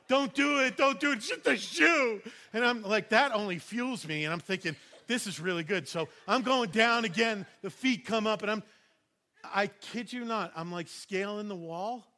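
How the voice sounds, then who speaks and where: A man's voice: sits high, sharp tone. A middle-aged man, a pastor, telling a personal story in a sermon and acting out other people's voices.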